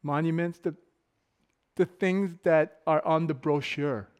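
A man's voice: on the high side, steady tone, slow pace, clear, resonant tone. A middle-aged man giving a casual sermon full of personal stories, joking and laughing often. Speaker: pastor.

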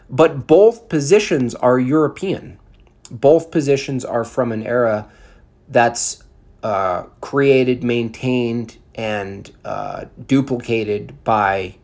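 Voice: mid-range voice, darkish tone. A vlog commentator ranting about photographs in a heated, sarcastic way, with many fillers.

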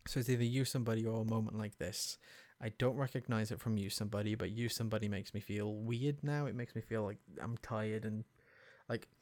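A man's voice: lowish voice, steady tone, a little fast, darkish tone, no room sound. A young man chatting casually and self-mockingly, reciting song lyrics half-spoken as he guesses them. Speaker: video host. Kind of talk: casual chat.

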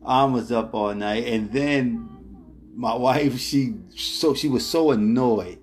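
A middle-aged travel vlogger tells a story in a loose, rambling way, speaking slowly at a medium pitch. He repeats words, chuckles along the way, and addresses his viewers directly as "ladies and gentlemen."

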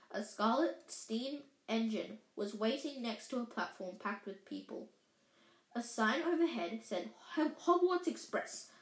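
A woman reading a storybook aloud, halting and correcting herself as she goes. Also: a little high. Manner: halting, with slips and self-corrections. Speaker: reader. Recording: echoey room.

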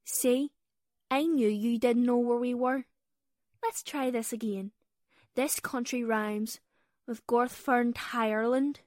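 A woman's voice: fairly high pitch, steady tone, takes it slowly, long pauses, a little mellow. A woman podcast host performing a comedy sketch as a tour guide, theatrical and mock-indignant.

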